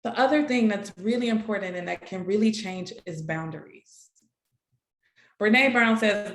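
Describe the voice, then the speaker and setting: Speaking at normal speed in a mid-range voice, a woman facilitates an online workshop for educators via video call. She's encouraging and affirming, repeating phrases often, and the audio is reverberant.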